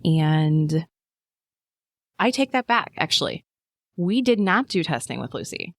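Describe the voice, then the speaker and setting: A woman in her thirties, a podcast guest telling her birth story in a chatty way, with lots of fillers and lively quoting of people. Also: low voice, unhurried, no room sound, studio quality. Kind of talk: casual chat.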